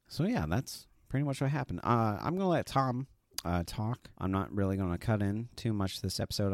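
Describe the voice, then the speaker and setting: A man's voice: sits low, darkish tone, dry recording, clean studio sound. A man on a comedic radio show giving an apologetic update, rambling and hesitant with many fillers. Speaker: radio show crew member.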